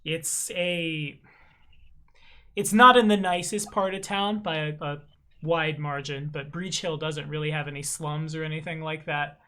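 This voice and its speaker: A man's voice: a little high, fairly even intonation, sharp tone, clean tone. A man running a tabletop game as game master, narrating in a casual, chatty way. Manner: casual, chatty, slows down for tricky words.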